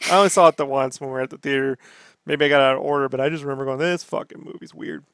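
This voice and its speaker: A man hosting a casual podcast, ranting and swearing in an animated way. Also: medium pitch, very fast, creaky, smooth, dry recording, clean studio sound. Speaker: podcast host.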